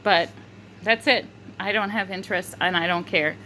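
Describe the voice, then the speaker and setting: A woman's voice: mid-range voice, steady tone, moderate pace, sharp tone, a little hiss or hum, rough recording. A woman vlogger telling a rambling story, full of fillers, restarts and frequent giggling. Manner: filler-heavy, restarts often. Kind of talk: casual rambling monologue.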